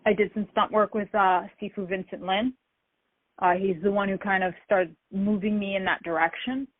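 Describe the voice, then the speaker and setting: A woman guest in an interview telling lively stories from her career, acting out the dialogue of people she quotes. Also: medium pitch, moderate pace, no echo. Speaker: interview guest, martial artist. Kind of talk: casual storytelling interview. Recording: tinny phone-like dry sound.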